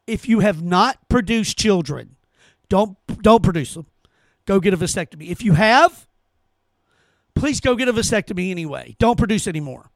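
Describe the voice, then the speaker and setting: A man with an unusually high voice rants hard, cursing and hammering the same words over and over. His pitch jumps all over as he gets worked up, and the sound is dry and close with no room around it. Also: expressive, moderate pace, no room sound. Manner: heated, cursing, emphatic repetition. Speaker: podcast host. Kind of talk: angry opinion rant.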